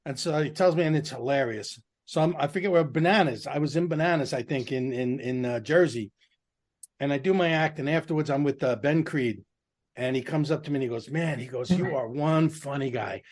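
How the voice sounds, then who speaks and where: A man's voice: mid-range voice, a little fast. A man and stand-up comedian telling frank, rambling stories in casual chat. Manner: rambling, frank, salty storyteller.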